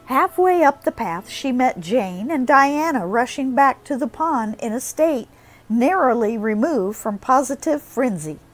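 A woman narrating a classic novel as an audiobook, with expressive storytelling. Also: sits high, unhurried, soft background music, rough recording.

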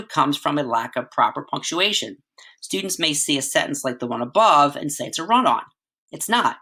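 A man's voice: a little high, pushed and bright. A middle-aged man giving a conversational writing lesson as a teacher, often checking in with "right?" as he explains.

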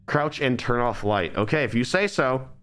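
A man's voice: medium pitch, animated, moderate pace, a bit bright. A man giving live, nervous, rambling commentary while streaming a game.

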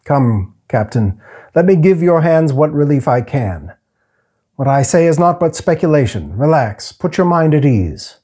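A man reading aloud, voicing a humble, polite little male healer who speaks formally and slowly. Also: fairly high pitch, big pitch swings, warm tone, breathy edge, pitched above the performer's own voice, full character voice. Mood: calm, courteous. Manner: formal, soothing, slow and careful.

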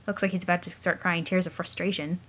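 A woman's voice: lowish voice, little pitch movement, fast talker, a bit bright. A woman hosting a let's play, reading a webcomic aloud in a sarcastic, mocking narrator's voice.

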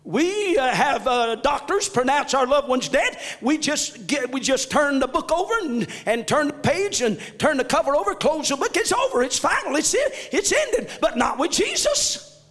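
A male pastor preaching a fervent sermon in a church, often shouting. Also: very high-pitched, very animated, moderate pace, long reverb tail. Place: church sanctuary.

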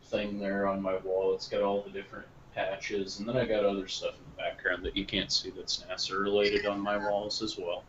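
A man chatting casually on a podcast, rambling and correcting himself, getting animated when he retells stories. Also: lowish voice, moderate pace, few pauses. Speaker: podcast co-host. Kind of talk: casual chat. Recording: muffled lo-fi online call audio with faint noise.

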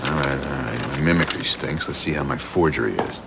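A man's voice: very deep voice, a little fast, creaky. An actor playing an English man with an English accent who grumbles dryly and mocks himself over faking an American accent, in soap opera acting. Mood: exasperated. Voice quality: dry, self-mocking grumbling. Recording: noisy old TV recording.

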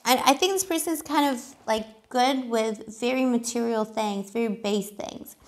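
A woman's voice: on the high side, measured pace. A woman giving a casual tarot reading, chatty and giggly, with lots of fillers. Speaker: tarot reader.

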